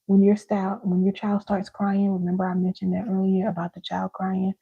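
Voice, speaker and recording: A woman's voice: mid-range voice, completely flat delivery, brisk, vocal fry, husky, highs cut off. A woman giving a live parenting and healing teaching, emphatic, repeating key lines and calling listeners baby and y'all.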